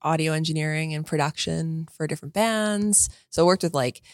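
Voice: medium pitch, fairly quick, no echo, clean studio sound. An audio engineer chatting casually on a podcast, easygoing and full of fillers. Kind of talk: casual chat.

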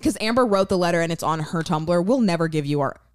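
A young woman co-hosting a casual podcast chat, gushing and excitable, often cutting in over her partner. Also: lowish voice, fast talker, smooth. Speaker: podcast co-host.

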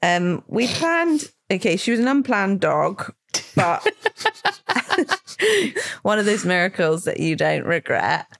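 Woman, comedian guest, casual chat, anecdotes, laughs a lot, animated. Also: lowish voice, slow pace, gravelly. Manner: laughing often, rambling anecdotes. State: pregnant.

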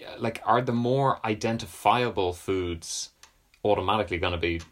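A man's voice: lowish voice, moderate pace. A British man in a casual comedic chat, rambling through self-deprecating stories. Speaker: podcast co-host.

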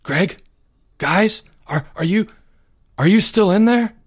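A man voicing a panicked, breathless boy who stammers, whispers and rushes his words. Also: medium pitch, expressive, natural voice. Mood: frightened whisper.

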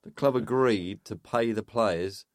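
A man, co-hosting a casual football podcast, telling stories and stats in quick bursts. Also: on the low side, no echo, studio quality. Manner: storytelling, quick bursts with restarts. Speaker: podcast co-host presenting stats.

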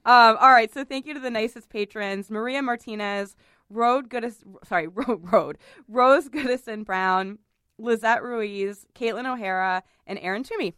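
A woman's voice: fairly high pitch, moderate pace, fairly bright tone, smooth, dry recording. A woman hosting a podcast in casual chat, talking chattily, often laughing and apologizing. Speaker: podcast host.

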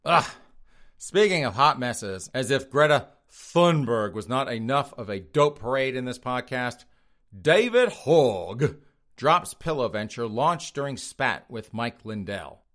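A man's voice: medium pitch, very animated, a little slow, fairly bright tone. Sarcastic, chuckling male podcast host. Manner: sarcastic, mocking, chuckling often; reads news passages, then riffs on them. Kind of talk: solo commentary podcast.

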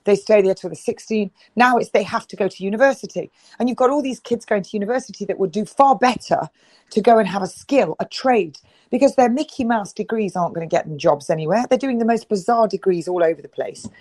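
A woman's voice: medium pitch, fast, darkish tone, no room sound, low-quality recording. A middle-aged woman talking as an interview guest, emphatic and repeating herself as she restarts her sentences. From United Kingdom. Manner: emphatic, many restarts and repetitions. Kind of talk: impassioned interview talk.

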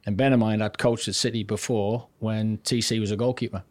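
A man's voice: on the low side, fairly even intonation, a little fast, darkish tone, no room sound. An older man, a former goalkeeping coach, telling stories of his career as a guest on a podcast. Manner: anecdotal, recounts career step by step. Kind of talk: relaxed storytelling interview.

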